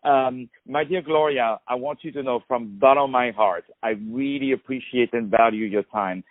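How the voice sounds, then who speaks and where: Man with a French accent, radio host, effusive and halting, phone-line sound, dry. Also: mid-range voice, dry recording. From France. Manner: effusive, praising, halting with fillers. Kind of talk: phone interview.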